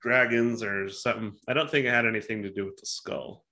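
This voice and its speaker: Podcast co-host, man in his thirties, bright crisp tone, offhand and joking, curses casually. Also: lowish voice, steady tone, brisk. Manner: joking, offhand, swears freely. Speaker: podcast co-host running a trivia game. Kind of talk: casual chat.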